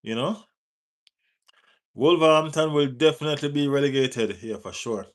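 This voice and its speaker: Jamaican-accented male streamer, mid-pitched, loose and chatty, reads chat and ribs viewers. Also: moderate pace. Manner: reads out and answers viewer chat, teases, urges likes; relaxed patois-tinged phrasing. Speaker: football livestream host. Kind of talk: casual live chat.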